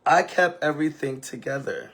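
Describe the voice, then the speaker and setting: A man's voice: fairly high pitch, expressive, normal speed, fairly bright tone, husky. A man who is a ballroom house mother, telling an emotional, candid and profane story on a live stream with sassy, dramatic delivery.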